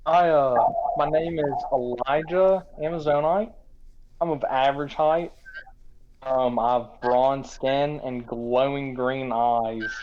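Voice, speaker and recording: A man playing in a tabletop role-playing game, answering in an unhurried, slightly hesitant way. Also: medium pitch. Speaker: player. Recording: dull, slightly noisy mic.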